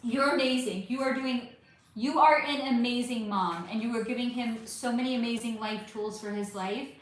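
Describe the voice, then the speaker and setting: Casual woman livestream host, high voice, very echoey room, faint hiss, phone mic. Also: normal speed. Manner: chatty, rambling, swears casually. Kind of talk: casual livestream chat reading comments. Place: bright living room at home. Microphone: phone without external microphone.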